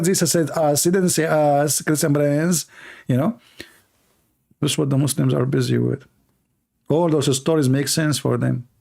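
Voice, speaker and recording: A man's voice: a little high, darkish tone. Sarcastic man with broken English grammar. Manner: mocking, theatrical, with non-native grammar. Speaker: online show host. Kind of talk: sarcastic monologue.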